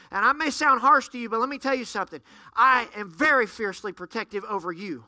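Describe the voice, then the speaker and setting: Bright-voiced preaching pastor, man. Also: extremely high pitch, fast, no room sound. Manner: animated storyteller, acts out dialogue. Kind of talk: sermon storytelling.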